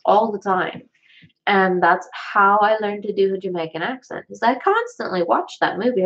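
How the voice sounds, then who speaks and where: A woman's voice: mid-range voice, muffled recording. A young woman from the American South with a Southern accent, chatting casually to camera in a rambling, self-deprecating way. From Southern United States. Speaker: vlogger.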